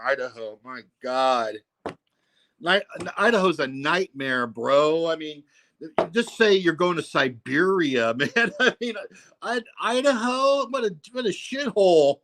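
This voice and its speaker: A man's voice: a little high, measured pace, bright, forceful tone. A man hosting a casual livestream, rambling and profane, full of "you know, man.". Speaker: livestream host.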